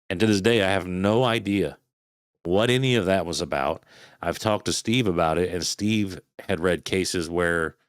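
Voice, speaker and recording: On a dry studio recording, a podcast guest in his thirties tells a laid-back, profanity-laced story in a clean, low voice. Along the way he acts out his earlier thoughts and imitates the noises he heard.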